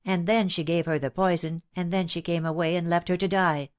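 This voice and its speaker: A woman reading an audiobook, voicing an excitable young woman who speaks in a shrill, frantic way. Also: fairly quick, close to an everyday voice.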